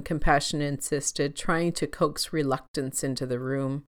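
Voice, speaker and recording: Low-pitched woman narrator, calm, steady storybook reading. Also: moderate pace, few pauses, clear, resonant tone.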